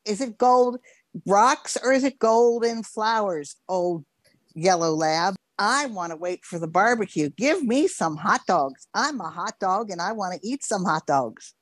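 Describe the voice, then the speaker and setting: A woman's voice: medium pitch, no room sound. A woman voicing a laid-back, hungry black lab dog who chats and teases.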